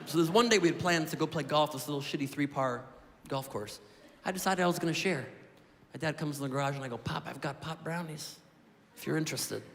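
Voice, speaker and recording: High-voiced stand-up comic in a hall. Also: male voice. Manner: deadpan, quick punchlines. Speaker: stand-up comedian. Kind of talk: stand-up storytelling. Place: comedy club stage. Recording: echoey hall with crowd and noise.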